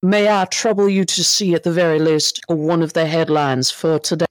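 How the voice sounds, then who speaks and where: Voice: medium pitch, fairly even intonation, moderate pace, no room sound, lightly acted. A player voicing a refined woman adventurer who speaks politely and patiently, in a dry, close sound. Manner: polite, genteel.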